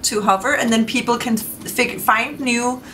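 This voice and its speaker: A woman's voice: a little high, fairly even intonation, a little slow, bright, forceful tone, slight background noise. A middle-aged woman, a game developer, chatting playfully and teasing her co-player during a gameplay session. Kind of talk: casual gameplay chat.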